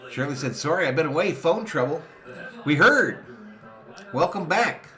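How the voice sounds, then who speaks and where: Bright-voiced man calling a live fan watch party. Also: moderate pace. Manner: reads viewer comments aloud between excited pitch calls. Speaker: sports fan streamer and watch-party host. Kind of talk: live fan play-by-play with chat reading.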